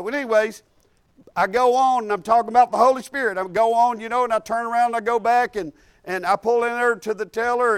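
A man's voice: high-pitched, a bit bright, no room sound. A middle-aged man preaching an informal sermon, telling folksy personal stories and building emphatic cadences on scripture.

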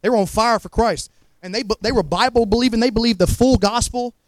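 A Southern man preaches a fervent sermon in a high voice. He stumbles over repeated words as he goes and keeps asking the congregation whether they follow him. The sound is close and dry. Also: brisk, no room sound, rough recording. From Montgomery, Alabama. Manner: fervent, repeats words, asks the crowd to agree. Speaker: guest preacher.

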